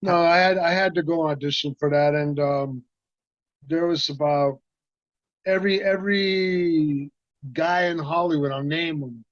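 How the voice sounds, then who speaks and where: A man's voice: fairly high pitch, a little slow, no room sound. A man being interviewed, rambling as he tells stories and acting out the voices of the people in them. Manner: rambling, animated, acts out quoted voices. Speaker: interview guest, martial arts actor. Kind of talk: casual storytelling. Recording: dry, muffled lo-fi sound.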